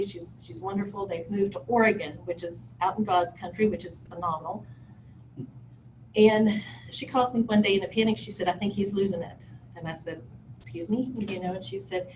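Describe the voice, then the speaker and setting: A woman speaks candidly and emotionally, telling her own story with vivid, dramatic asides. Her voice sits in an ordinary middle pitch. She is recorded from some distance from the microphone, with a faint hiss underneath. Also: a little mellow. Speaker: parent sharing a recovery story. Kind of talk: personal testimony talk. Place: event talk room. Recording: distant mic with faint background noise.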